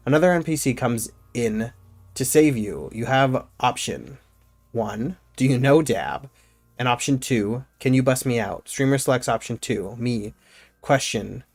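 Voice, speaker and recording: A male streamer reading video game text aloud slowly and carefully, breaking off for casual asides to his viewers. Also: mid-range voice, creaky. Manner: reads game narration in a slow, measured way, breaking off for casual asides.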